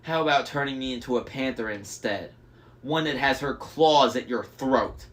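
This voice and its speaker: A man's voice: medium pitch, normal speed, a little hiss or hum, lightly acted. A man reading aloud voices a brave teenage girl with a firm, defiant delivery.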